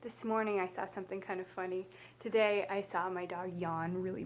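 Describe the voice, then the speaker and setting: A woman reading a children's picture book aloud in a friendly, expressive storytelling way. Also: mid-range voice, brisk, a little hiss or hum.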